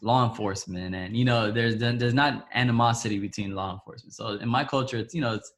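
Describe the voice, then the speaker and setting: A man telling a story from his own life in a relaxed way. His speech is loose and halting, and he often stops to fill gaps or start over. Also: medium pitch. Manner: hesitant, full of fillers and restarts. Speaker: church guest speaker. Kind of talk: personal storytelling.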